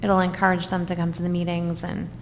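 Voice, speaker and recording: A woman's voice: fairly low pitch, monotone, fast, a little hiss or hum. A woman on a town committee, chatting casually with frequent fillers. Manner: casual, lots of "like". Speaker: committee member. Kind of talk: committee meeting discussion. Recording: distant mic in a reverberant room.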